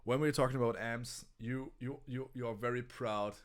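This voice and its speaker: A man's voice: medium pitch, steady tone, moderate pace. A man with a German accent co-hosting a casual live stream about guitar gear, talking with many restarts and stammers. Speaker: co-host.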